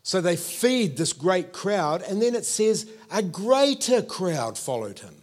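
A man, preaching a sermon with animated storytelling and playful asides to the congregation. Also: high-pitched, slow pace. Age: 50s.

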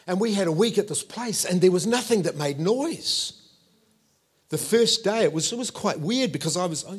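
A man in his fifties with a New Zealand accent delivers a sermon in a chatty, lively manner, pausing to check in with his listeners. His voice sits high.

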